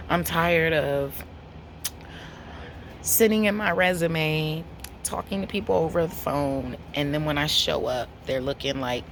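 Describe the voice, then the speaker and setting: A woman, telling a story to camera in a blunt, profane, animated way. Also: deep voice, a little slow, a little hiss or hum. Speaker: vlogger.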